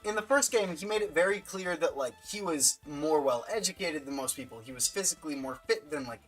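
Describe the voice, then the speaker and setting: A woman streaming a story game from home, reading its text aloud and thinking out loud between laughs. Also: sits low, expressive, fairly quick, slightly rough, poor audio. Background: faint game music.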